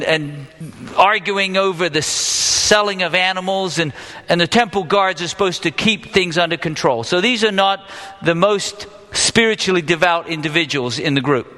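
A man with a high, bright voice preaches a sermon to his congregation, talking to them casually and asking them questions as he goes. His voice rings out in a hall with a long reverb. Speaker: pastor. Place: church hall with live congregation.

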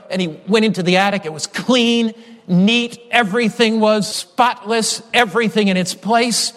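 Male preacher, high voice, emphatic sermon delivery, long hall reverb. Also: fairly bright tone. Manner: emphatic, repetitive phrasing, slows down on key lines.

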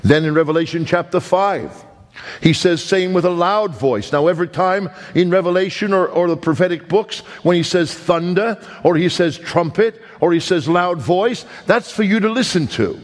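An older man from New York delivers a sermon, emphatic and deliberate. His voice sits slightly high for a man. The sound carries the long reverb of a large hall. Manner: emphatic, slow deliberate phrasing with sudden quick asides. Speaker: preacher.

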